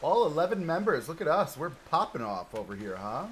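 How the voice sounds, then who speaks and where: A man's voice: a little high, big pitch swings, a little fast, a little hiss or hum, poor audio. A man hosting a casual live stream while playing a game, chatting in an easygoing, self-deprecating way and laughing often, close to a desk microphone at home. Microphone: desk microphone close in front.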